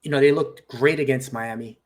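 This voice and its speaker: A man's voice: mid-range voice, fairly even intonation, brisk. A man co-hosting a podcast, chatting casually about football betting, thoughtful and hedging. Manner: thoughtful, hedging, laughs at own jokes. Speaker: podcast co-host. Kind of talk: casual sports betting chat.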